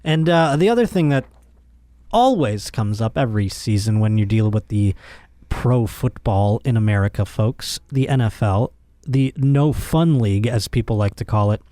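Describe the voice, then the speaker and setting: A man hosting a comedy podcast, ranting and joking crudely, his voice jumping up when he gets worked up. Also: no room sound. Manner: animated, crude, jokey, voice jumps high when worked up. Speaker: podcast host. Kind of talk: casual comedic rant.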